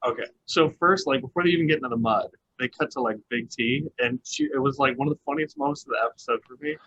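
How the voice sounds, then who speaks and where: A man's voice: medium pitch, fast, pushed and bright, breathy edge, lo-fi sound. A man co-hosting a podcast, recapping a reality show in a chatty, casual way with lots of fillers and laughter. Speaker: podcast co-host.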